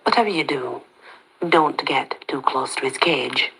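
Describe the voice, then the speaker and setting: A woman voicing a calm, protective young man with a deep rasp, talking low, quiet and steady. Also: measured pace, full character voice, poor audio.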